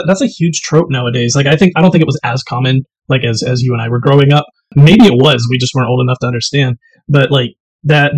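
A man's voice: medium pitch, slightly rough, no room sound, poor audio. Laid-back male podcast co-host. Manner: relaxed storyteller, laid-back, says "man" a lot. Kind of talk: casual chat over whiskey.

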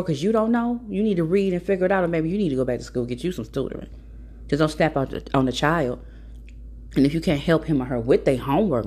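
A woman's voice: sits low, darkish tone, husky. A woman in a casual storytelling monologue, giving blunt, profane, preachy advice to mothers.

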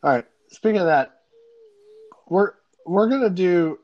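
Lively host quizzing his guest. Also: sits high, unhurried, muffled recording. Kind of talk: casual chat.

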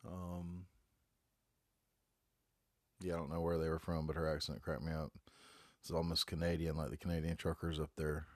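Glum low-voiced man rambling. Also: level tone, normal speed, long pauses, dry recording. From North Carolina, US. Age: 40s. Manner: glum, rambling, heavy cursing. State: stuffy head cold. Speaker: podcast host. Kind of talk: casual solo podcast monologue. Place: back bedroom at home. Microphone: phone.

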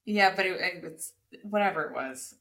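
A woman's voice: on the low side, moderate pace, a bit bright. A woman co-hosting a casual sports podcast, wry and amused. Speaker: podcast co-host.

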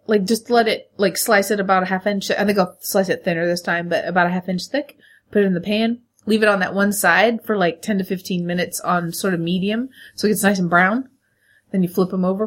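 A woman's voice: mid-range voice, fairly quick. Chatty woman co-hosting a podcast. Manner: chatty, animated, laughs often. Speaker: podcast co-host. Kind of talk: casual chat.

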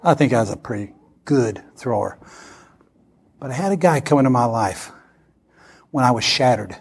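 A man in his sixties preaching a sermon, telling a personal story in an animated way and acting out the dialogue. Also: mid-range voice, normal speed, vocal fry, long pauses, breathy edge. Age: 60s.

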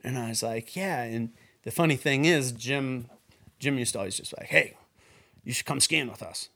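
A man, a ski club employee, telling a personal story in a rambling, animated way and acting out the quoted voices. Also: mid-range voice, normal speed, creaky. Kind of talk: casual storytelling.

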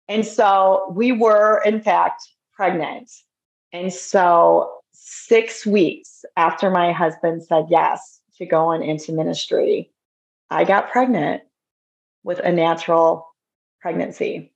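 A woman's voice: lowish voice, takes it slowly, gravelly, dull audio. Woman in her fifties telling a story. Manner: lively storyteller, many fillers like "like" and "you know". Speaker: podcast guest. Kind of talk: personal faith story, casual conversation.

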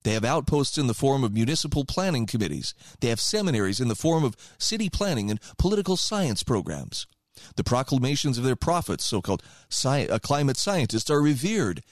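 Man, radio talk host, opinion commentary, emphatic, lively intonation, dry close sound. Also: mid-range voice, no room sound. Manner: conversational, emphatic and animated. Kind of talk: opinion commentary, reading passages aloud.

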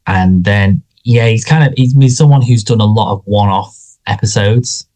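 A man's voice: on the low side, moderate pace, dark tone. A man co-hosting a casual podcast, talking with lots of fillers, restarts and hesitations. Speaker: podcast co-host.

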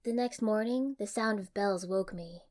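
A young woman reading fan fiction aloud in an expressive, even storytelling manner. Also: mid-range voice, normal speed. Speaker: audiobook reader.

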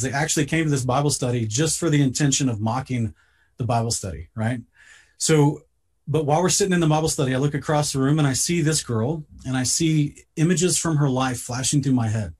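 A man with a slightly husky, breathy voice speaks at an ordinary pitch. He tells a personal story in casual podcast talk, earnest and a bit halting, repeating words as he gets going. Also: a little mellow.

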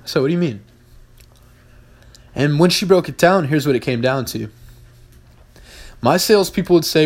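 A man's voice: a little high, lively intonation, moderate pace, long pauses. Blunt, profane man talking business. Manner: blunt, profane, emphatic repetition. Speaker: podcast host, business owner. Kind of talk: casual podcast monologue.

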